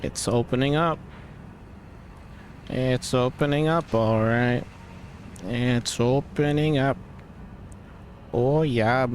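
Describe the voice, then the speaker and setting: A man's voice: mid-range voice, slow, pauses often, slight background noise. A man streaming a game live, thinking aloud in a loose, profane way. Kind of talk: live gameplay commentary.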